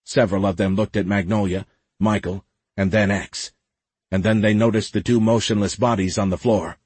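A man reads a science-fiction audiobook in a steady, dramatic way. His voice is low and husky. The recording is dry and close, with no room sound. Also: moderate pace, dry recording. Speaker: audiobook narrator. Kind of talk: scripted narration.

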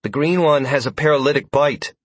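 A male narrator plays a weary male warlock in this audiobook. He sounds tired, with a slightly husky tone. The read is dry and close to the mic. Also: on the high side, brisk, no echo, pitched above the performer's own voice, lightly acted. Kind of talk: audiobook character voice.

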